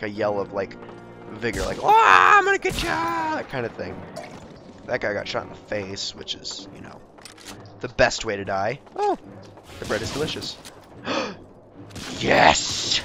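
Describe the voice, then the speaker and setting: A young man giving jokey, excitable commentary over a video game he is playing, often talking to the characters on screen. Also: lowish voice. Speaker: gameplay commentator. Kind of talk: let's play commentary.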